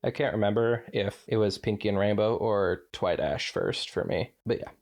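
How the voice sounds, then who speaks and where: A man co-hosting a podcast, reading fan fiction aloud with relaxed chatty asides. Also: fairly low pitch, moderate pace. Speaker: podcast co-host. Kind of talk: casual chat and read-aloud.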